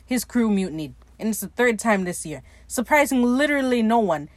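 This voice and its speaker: A woman's voice: a little high, fairly quick, dry recording. Sassy, laughing woman recapping a show. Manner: animated, laughing often, retelling scenes with playful quoted voices; swearing, sassy commentary. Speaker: recap podcaster. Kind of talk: casual TV episode recap.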